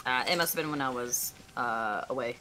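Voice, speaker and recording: A woman's voice: rumbling low, fairly quick, sharp tone, slight background noise. A woman co-hosting a game stream, making dry, offhand remarks in casual chat. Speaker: co-host watching the game.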